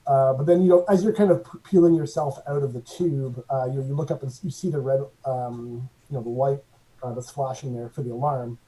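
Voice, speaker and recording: Mellow-voiced man narrating as game master. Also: mid-range voice, steady tone, rough recording. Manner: halting, filler-heavy narration.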